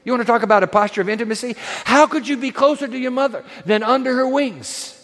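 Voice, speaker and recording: High-voiced dramatic preacher in a reverberant hall. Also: male voice, quick pace. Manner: dramatic storytelling, drops to soft emphasis. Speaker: pastor. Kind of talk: sermon.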